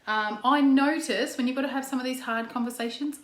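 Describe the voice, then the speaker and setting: A woman's voice: on the high side, normal speed. Chatty Australian woman, echoey room. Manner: chatty, frequent "okay" and "um", talks with her hands, acts out example tones. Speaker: parenting coach. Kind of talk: casual instructional talk to camera.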